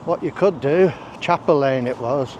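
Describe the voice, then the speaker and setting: Walking outdoors along roads and country paths, a man vlogs in a casual walk-and-talk, breathing heavily between rambling asides. His voice is medium-pitched and darkish at normal speed, on a muffled recording with slight background noise.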